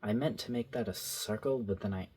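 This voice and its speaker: A man's voice: on the low side, fairly quick, darkish tone. Young man rambling while drawing. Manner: rambling, self-talking, playful. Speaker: vlogger drawing. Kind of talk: casual drawing commentary. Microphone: phone.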